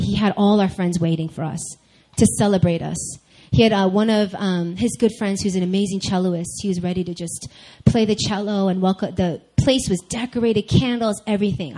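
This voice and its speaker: Preaching at a church group meeting, a young adult woman tells a personal story within her sermon, speaking straight to the people listening with lively animation. The audio is poor, and her voice sits in the mid range.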